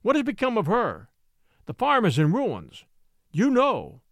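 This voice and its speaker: A man's voice: sits high, huge pitch swings, a little slow, vocal fry, no echo, studio quality, voice pushed up, full character voice. A man reading an audiobook, voicing a fierce grown ape-man who growls his demands. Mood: urgent. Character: fierce adult male jungle ape-man.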